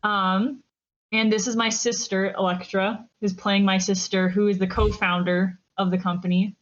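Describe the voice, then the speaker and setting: A woman's voice: medium pitch, level tone, moderate pace, highs cut off, slight background noise. A woman playing a tabletop role-playing game, chatting casually and switching into character.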